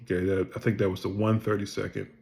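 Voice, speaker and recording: Middle-aged male storyteller, low and gravelly, casual and animated, acts out quoted dialogue. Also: quick pace. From Pennsylvania. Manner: animated storyteller who acts out other people's lines, swears freely. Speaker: vlogger telling his life story.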